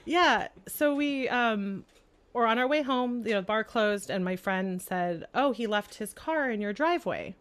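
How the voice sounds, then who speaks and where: A woman guest on a casual podcast, telling a story in an animated way and acting out the lines of each person in it. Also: on the high side, measured pace, clear, resonant tone. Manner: animated storytelling that acts out quoted dialogue. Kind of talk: casual chat.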